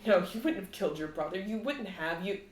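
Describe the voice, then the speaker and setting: A woman's voice: mid-range voice, lively intonation, fairly quick, close to an everyday voice. A woman voicing a distraught young bride who pleads and turns defiant, in a tabletop game. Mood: pleading. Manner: pleading, then desperate and frantic. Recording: echoey room.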